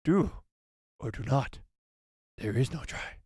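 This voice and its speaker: A small, wise old alien sage, as a man does his impression speaks slowly in a put-on croak. It is an amateur imitation at the level of an everyday voice, recorded dry and close. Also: mid-range voice, animated, a little mellow, no room sound, heavily acted. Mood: teaching.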